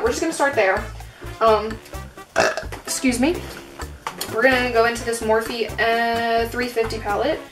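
A woman's voice: on the high side, a bit bright. A young woman chatting casually through a makeup tutorial at home, self-mocking and sarcastic, with lots of "like" fillers, talking to a camera propped on a table. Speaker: beauty vlogger. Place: at home in front of a mirror.

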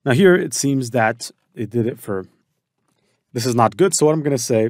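A man hosting a software tutorial, thinking aloud as he walks through each step. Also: mid-range voice, animated, normal speed, no echo, clean studio sound. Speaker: tutorial host. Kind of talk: screen-recorded software tutorial.

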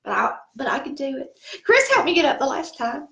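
A woman's voice: high voice, big pitch swings, a little fast, gravelly, fairly bright tone, reverberant, dull audio. A middle-aged woman with a Southern American accent, chatting casually and telling stories while laughing at herself. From Southern United States. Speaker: cooking channel host. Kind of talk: casual chat.

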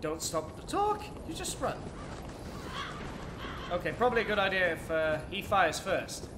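High, jumpy gaming commentator, swearing. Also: male voice, sing-song, moderate pace, noisy background. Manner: panicky, yelping and swearing at the game. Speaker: gaming channel host. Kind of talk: let's play commentary. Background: game music.

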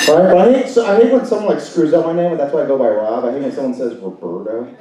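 Stand-up comic guy, spanish is his first language, voice swings all over, mic far off in a loud echoey club with the crowd going. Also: fast. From Salvadoran and Brazilian family. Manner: animated, jumps into high put-on voices for bits. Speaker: stand-up comedian. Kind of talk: stand-up comedy set. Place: comedy club stage. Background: laughing audience.

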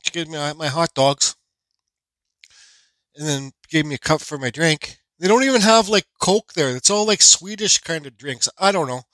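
Bright-voiced rambling man in his forties. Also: on the high side, moderate pace, no room sound. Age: 40s. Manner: animated, rambling storyteller with many restarts. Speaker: woodcarving channel host. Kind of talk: casual rambling vlog voiceover.

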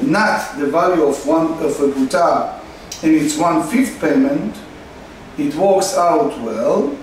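Man, Talmud lesson, slow halting explanation, faint background noise. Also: fairly high pitch, a little mellow, distant mic. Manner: slow, halting delivery, reading Aramaic then translating. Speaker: Talmud teacher. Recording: echoey room, faint noise.

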